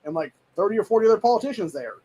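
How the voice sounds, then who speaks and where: A man's voice: high-pitched, expressive, very fast, mellow, slightly rough, low-quality recording. A man hosting a show, ranting in a heated, profane, rambling way and saying "dude" often. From United States. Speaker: show host. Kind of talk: casual political rant.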